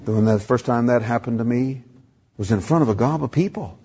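A man's voice: mid-range voice, fairly quick, a little mellow, highs cut off, a little hiss or hum. An older man preaching a sermon, telling a story and acting out the dialogue. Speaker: pastor.

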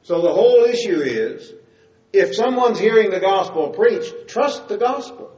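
A man's voice: high-pitched, animated, measured pace, darkish tone, soft background music. An older man preaching a sermon, telling his testimony in a conversational storytelling way that rises to emphatic moments. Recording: distant, roomy, dull-sounding recording.

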